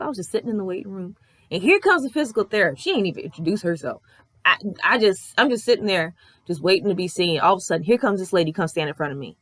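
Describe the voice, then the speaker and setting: A young woman vlogger telling a story in a casual, animated way, swearing often and ranting in exasperation. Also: lowish voice, quick pace, no echo.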